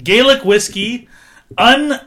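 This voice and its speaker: Loud, bright-voiced man. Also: extremely high pitch, slow. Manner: loud, self-described loudmouth. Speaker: podcast co-host. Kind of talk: casual banter over drinks.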